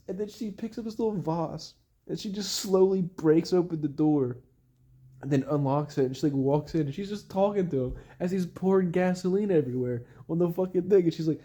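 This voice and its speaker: Young male vlogger, rambling and profane, slightly high, mellow tone, faint noise. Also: moderate pace. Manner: rambling, swears a lot, laughs through excited bits. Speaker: vlogger recapping a show. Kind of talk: casual rambling recap.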